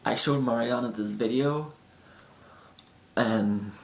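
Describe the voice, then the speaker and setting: This chatty male vlogger speaks slowly, leaving long pauses, as he tells casual stories to the camera. He often acts out his friends' lines. The echoey room carries a faint rumble.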